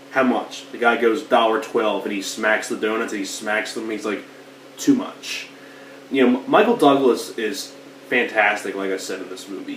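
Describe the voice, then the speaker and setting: A man's voice: on the low side, fairly bright tone. A man casually reviewing a film, rambling with lots of filler words and coughing now and then while getting over allergies. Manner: rambling, lots of "like" and "you know". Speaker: movie reviewer. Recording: roomy, distant mic, faint hiss.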